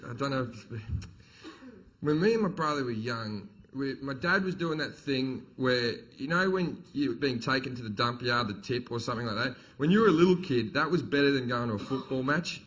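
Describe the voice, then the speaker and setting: A man's voice: mid-range voice, animated, a little fast, fairly bright tone. A middle-aged man telling a crude, swear-filled story as a stand-up comedian on stage.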